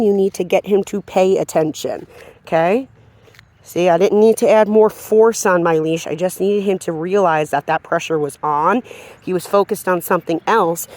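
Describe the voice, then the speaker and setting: A woman's voice: mid-range voice, a little mellow. A woman dog trainer explaining leash work outdoors in a casual, chatty way. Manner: casual, explanatory, talking to a dog between points. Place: outdoors on a walk.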